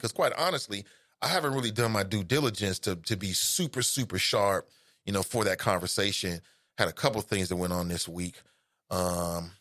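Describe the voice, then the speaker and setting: A man's voice: low voice, sharp tone, no echo, studio quality. A middle-aged man with a Cincinnati accent hosting a casual call-in talk show, rambling conversationally with playful asides to listeners. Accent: Cincinnati, Ohio. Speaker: radio talk show host.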